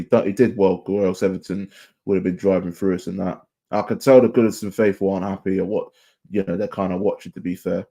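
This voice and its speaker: A young man hosting a live football watchalong as a fan, chatty and excitable, shouting at the players. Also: low-pitched, vocal fry. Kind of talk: live match watchalong commentary.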